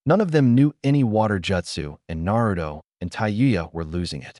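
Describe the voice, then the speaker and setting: Low-voiced man reading fan fiction. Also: animated, normal speed, darkish tone, no room sound, clean studio sound. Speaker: narrator.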